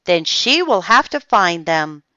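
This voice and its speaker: A woman's voice: fairly low pitch, big pitch swings, a little slow, sharp tone, dry recording, exaggerated voice. Storybook housekeeper, upbeat and lilting, a woman reading her, dull lo-fi dry sound. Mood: cheery. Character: cheerful literal-minded adult housekeeper woman.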